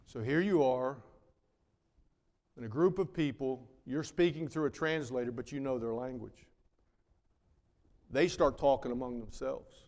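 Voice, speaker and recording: A man preaching a sermon, swinging between loud emphatic lines and hushed, drawn-out words. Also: medium pitch, creaky. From North Carolina. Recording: long reverb of a large hall.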